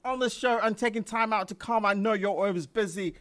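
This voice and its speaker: A radio host interviewing a guest in the studio, gushing, excitable and quick to repeat words. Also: mid-range voice.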